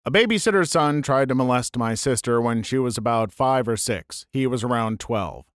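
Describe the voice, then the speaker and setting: A man's voice: medium pitch, moderate pace, no echo, clean studio sound. A man reading online stories aloud and adding wry, joking asides between them. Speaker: narrator.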